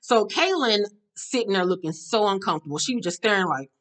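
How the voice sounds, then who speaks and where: A woman tells a reality show recap in a loose, casual vlog style. She is blunt and swears freely, and her delivery is animated as she tells the story, with a voice of middling pitch. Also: a little fast.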